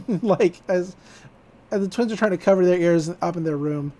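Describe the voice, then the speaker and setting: A podcast host casually recapping a cartoon episode, telling it in an animated way and laughing often. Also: mid-range voice, moderate pace.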